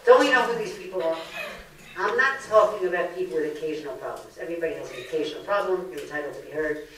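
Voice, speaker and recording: An older woman giving a humorous public lecture, with a lively comic delivery and acted-out quotes. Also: on the low side, fast. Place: library lecture room. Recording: echoey hall from far off, faint noise.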